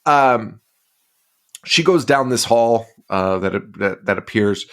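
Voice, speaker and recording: A man's voice: lowish voice, animated, slow, a bit bright. A man co-hosting a podcast, recapping a movie in casual chat, swearing constantly and rambling with fillers. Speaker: podcast co-host.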